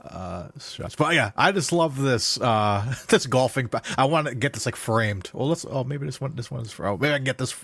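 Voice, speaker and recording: A man's voice: mid-range voice, expressive, normal speed, gravelly, few pauses, fairly bright tone, husky, no room sound. A man talking casually about films on a podcast, hesitant, with many fillers and restarts. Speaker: podcast guest. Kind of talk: casual film discussion.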